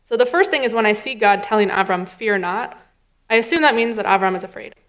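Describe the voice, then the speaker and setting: A woman's voice: medium pitch, animated, quick pace, a bit bright. A woman, a rabbinic intern, giving a sermon in a casual, thinking-aloud way, acting out the dialogue she quotes. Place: synagogue sanctuary.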